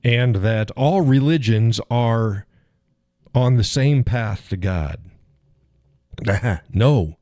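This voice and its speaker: A man's voice: medium pitch, expressive, drawn-out words, pauses often, darkish tone, no echo, clean studio sound. A man hosting a casual livestream, rambling and chuckling as he answers viewers in the chat. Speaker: live stream host.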